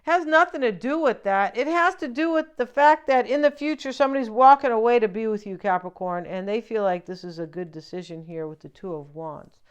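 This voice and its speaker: A woman's voice: on the high side, fairly quick, few pauses, clean tone, muffled recording. A woman giving a casual tarot reading, chatty and joking, with lots of fillers and asides to the viewer. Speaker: tarot reader.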